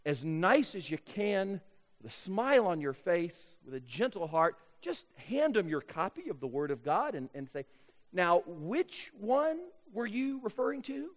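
Male pastor mid-sermon, high lively voice, big church sanctuary with long reverb. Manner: emphatic, drawn-out key words. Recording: long reverb of a large hall.

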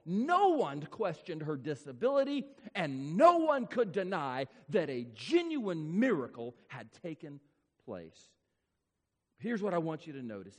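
Male pastor, high voice with wide swings, emphatic sermon delivery, long hall reverb. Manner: emphatic, repetitive preaching with dramatic slowdowns.

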